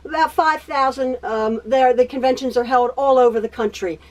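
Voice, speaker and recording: Music plays in the background as a quilting tutorial host talks from her home sewing room in a high voice at moderate speed. Her talk is a rambling, chatty personal catch-up full of laughter, repetition and stuttering.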